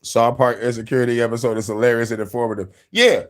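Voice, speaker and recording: A man's voice: mid-range voice, steady tone, fast. Profane laughing man ranting casually. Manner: profane, laughing, acts out quotes. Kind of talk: casual rant.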